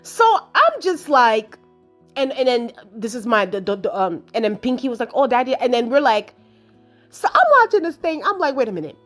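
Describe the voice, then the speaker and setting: A woman giving a casual, chatty film review, animated and exasperated as she retells the plot with lots of asides and laughter. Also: a little high, normal speed, soft background music. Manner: exasperated storytelling, acting out her own reactions.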